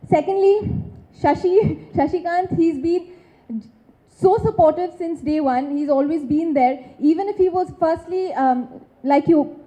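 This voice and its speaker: A woman's voice: very high voice, a little slow, dark tone. A woman from West Bengal, an actress, giving emphatic, effusive thanks at a film launch. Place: film launch event stage. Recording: dull lo-fi sound.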